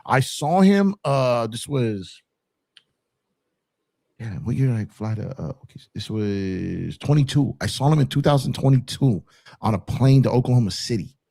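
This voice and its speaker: A man telling a profane, animated story in casual podcast talk. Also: mid-range voice, normal speed, gravelly, no room sound, clean studio sound. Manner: animated, profane, acts out quotes. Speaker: podcast co-host.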